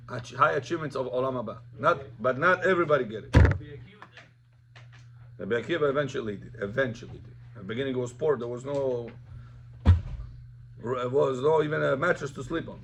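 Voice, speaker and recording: A man's voice: mid-range voice, slight background noise. A man, a rabbi, teaching a Talmud lesson informally, telling the story and mixing Hebrew terms into plain English.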